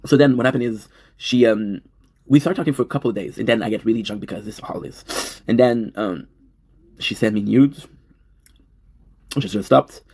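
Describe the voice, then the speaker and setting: A man's voice: medium pitch, normal speed, pauses often, a little mellow, breathy edge. A man in his thirties on a livestream, telling a story at length, emotional and swearing, repeating himself. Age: 30s. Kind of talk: rambling confessional livestream talk.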